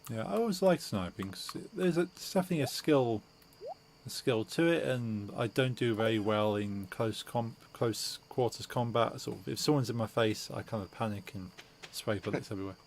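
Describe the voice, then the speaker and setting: A man's voice: mid-range voice, moderate pace, a little hiss or hum. A man streaming a game, chatting casually and hesitantly with lots of fillers and restarts. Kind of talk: casual gaming chat.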